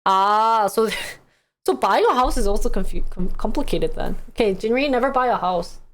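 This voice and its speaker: A young woman reads news aloud on a live stream in a slightly high voice. She chats casually between passages, laughs often and keeps turning to her viewers. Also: expressive, normal speed. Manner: chatty, laughs often, addresses chat as guys.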